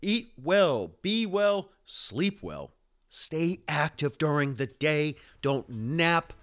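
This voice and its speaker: A man's voice: a little high, sing-song, takes it slowly, a bit bright. A man, hosting a casual podcast monologue, rambling and profane with many fillers. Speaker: podcast host.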